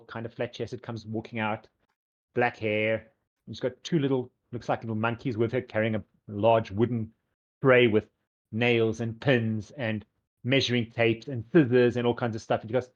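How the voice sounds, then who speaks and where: A man's voice: mid-range voice, fairly even intonation, brisk, lo-fi sound. A man narrating as game master in a tabletop game, describing scenes loosely with plenty of fillers.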